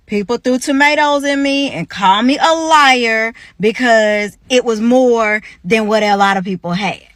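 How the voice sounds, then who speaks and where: A woman's voice: on the high side, measured pace, a bit bright, no room sound, studio quality. A woman from North Carolina giving emphatic, persuasive commentary about income and living costs, asking viewers directly. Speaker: content creator talking about income. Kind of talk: opinionated commentary to camera.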